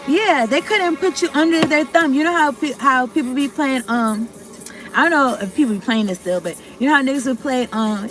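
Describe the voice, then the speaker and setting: A woman with a notably high voice talks through a casual tarot reading in a loose, rambling way, breaking off mid-sentence and starting again. She drops slang and swears freely, and soft music plays faintly behind her. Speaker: tarot card reader.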